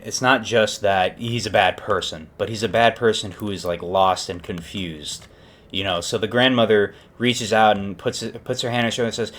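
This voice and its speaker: A young man casually retelling a story, rambling and correcting himself with lots of fillers. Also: on the low side. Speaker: podcast host.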